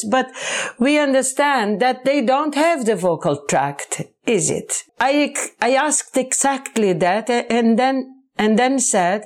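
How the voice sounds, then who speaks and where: A woman, a book author answering interview questions in English, halting and searching for words. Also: a little high.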